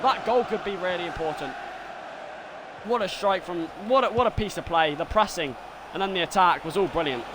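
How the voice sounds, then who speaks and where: A man streaming a football game, commentating live and swinging between muttering and excited shouting. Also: high voice, a little fast, noisy background.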